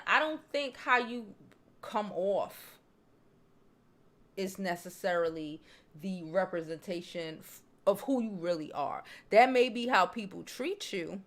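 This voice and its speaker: Blunt, profane woman gossip host. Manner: candid, blunt and profane, calls listeners "child" and "y'all"; swings between loud animated bursts and low near-murmurs. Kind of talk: casual gossip chat reading viewer comments. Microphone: home streaming setup, waiting on new mics.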